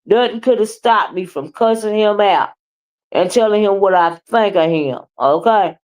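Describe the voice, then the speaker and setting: A woman's voice: medium pitch, normal speed, a little mellow. A woman hosting a casual livestream, scolding and sassy, with repeated "okay?" and "child.". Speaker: livestream host.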